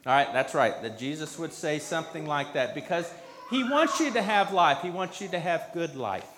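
Gentle man quizzing children in church. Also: on the high side, lively intonation, moderate pace, slight background noise. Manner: patient, asks children simple questions. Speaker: pastor leading a children's message. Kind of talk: children's sermon.

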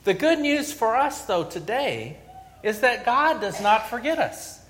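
Storytelling male pastor, slightly high voice. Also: sing-song, a little slow, fairly bright tone. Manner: storytelling with rising emphasis and small restarts. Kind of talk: sermon.

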